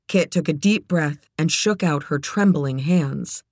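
An audiobook narrator reading a novel in even, measured scripted narration. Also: medium pitch, dry recording.

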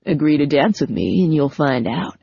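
A woman doing a low suggestive male flirt. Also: very animated, normal speed, creaky, mellow, breathy edge, no room sound, lo-fi sound, full character voice. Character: flirting adult male music director.

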